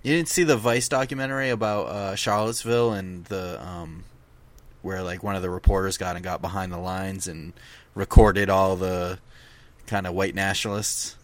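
A podcast co-host with a low voice, fairly even intonation and normal speed chats through the latest news on a casual comic book show. He recaps for listeners in a chatty way and talks over the others.

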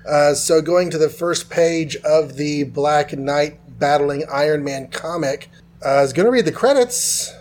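A man casually retelling a comic book plot, tossing in quick voices for the characters. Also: on the high side, a little mellow, slight background noise. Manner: loose, chatty retelling with quick dialogue voices. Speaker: podcast host.

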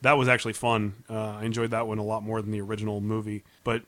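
A man's voice: on the low side, monotone, quick pace, fairly bright tone, no room sound. A man co-hosting a casual podcast, telling stories and laughing often. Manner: chatty storyteller, laughs often. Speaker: podcast co-host. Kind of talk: casual chat.

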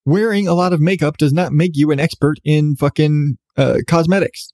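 A man's voice: fairly high pitch, normal speed, darkish tone, dry recording, clean studio sound. Sarcastic, profane podcast host man. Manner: profane, sarcastic ranting with laughs. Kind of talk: solo podcast commentary.

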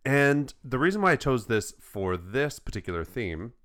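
A man's voice: medium pitch, big pitch swings, normal speed, a bit bright. A young man co-hosting a casual film chat, an enthusiastic, rambling storyteller. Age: young adult. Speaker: podcast co-host.

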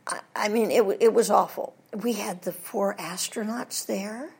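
An older American woman being interviewed, telling lively stories from her long career and laughing often as she talks. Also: mid-range voice, moderate pace, vocal fry, slightly rough. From United States. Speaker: guest, veteran voice actress. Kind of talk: casual interview storytelling.

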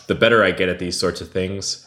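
A man's voice: sits low, steady tone, brisk, pushed and bright. A man hosting a casual podcast chat in a jokey, self-mocking way. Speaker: podcast host.

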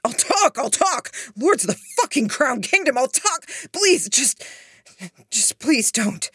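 Woman putting on a panicked crude male criminal, loud pleading, high strained voice. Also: sing-song, slow pace, slightly rough, no echo, studio quality, heavily acted. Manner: shouting, pleading.

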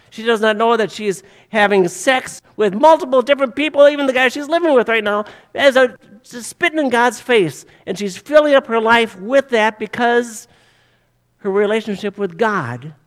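High-voiced male pastor preaching. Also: animated, normal speed, fairly bright tone, big-room sound. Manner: conversational, rhetorical questions to the congregation. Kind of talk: sermon.

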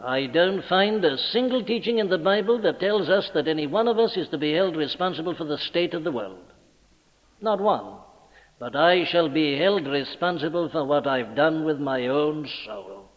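A man preaching a sermon in a church, speaking emphatically and building to forceful declarations. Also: fairly high pitch, animated, moderate pace. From Wales. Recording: dull archival recording in a large reverberant church.

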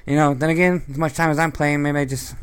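A man's voice: a little high, fairly even intonation, fast talker. A man co-hosting a podcast, telling a long, rambling personal story in a conversational way. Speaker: podcast co-host. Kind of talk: casual podcast chat.

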